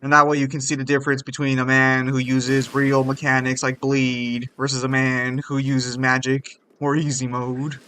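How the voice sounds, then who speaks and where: Bright-voiced young male streamer, excitable, swears freely, casual gaming chat. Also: medium pitch, normal speed, hardly any pauses, a little hiss or hum.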